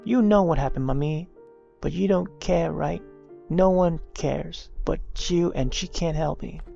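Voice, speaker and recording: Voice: mid-range voice, measured pace, vocal fry, dark tone, lo-fi sound, faint music behind, voice pushed up. A streamer voicing an upset young girl in a game, reading her lines in a raised, pleading voice. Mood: tearful.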